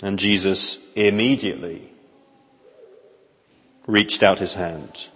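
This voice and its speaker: Slow, low-voiced male preacher. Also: fairly even intonation, fairly bright tone. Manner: earnest, measured, rhetorical questions. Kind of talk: sermon. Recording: reverberant hall, dull lo-fi sound.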